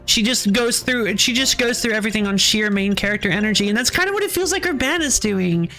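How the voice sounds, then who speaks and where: A woman's voice: mid-range voice, expressive, fast talker, bright, forceful tone, faint music behind. A woman streamer chatting casually while playing, ranting with frequent laughs and sighs. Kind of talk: casual game stream chat.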